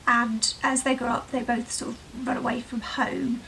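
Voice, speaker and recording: Chatty English vlogger woman, high and a bit gravelly, mixed regional accent, sitting back from the mic in a room with faint background noise. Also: level tone, moderate pace, bright, forceful tone, recorded from a distance, low-quality recording. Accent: mixed English, with touches of Herefordshire, London and Welsh. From England. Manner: chatty, full of "like" and "um" fillers. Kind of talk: casual rambling chat to camera. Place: room at home with sunlight coming in.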